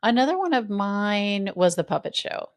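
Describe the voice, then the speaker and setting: A woman's voice: mid-range voice, moderate pace, no echo, clean studio sound. Giggly woman chatting about a movie. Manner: giggly, animated when quoting characters. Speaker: podcast co-host. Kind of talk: casual movie review chat.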